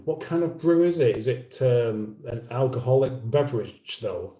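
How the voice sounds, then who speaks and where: With a warm, medium-pitched voice and lively intonation, this livestream host speaks at normal speed with few pauses. He reads comments aloud in a casual chat, rambling and interrupting himself with understated humour, recorded far from the mic in an echoey room.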